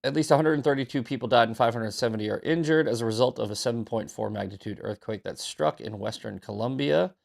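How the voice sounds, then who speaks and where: Sarcastic guy riffing on the news, gravelly voice, swears a lot, just rolled out of bed. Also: mid-range voice. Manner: sarcastic, profane, offhand. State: just woke up. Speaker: host. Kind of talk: casual news commentary.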